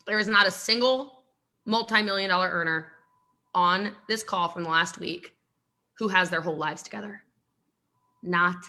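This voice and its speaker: A network marketing coach on a live stream, this woman speaks emphatically in a slightly high, bright, forceful voice. Her motivational talk relies on repeated lines for punch and on rhetorical questions.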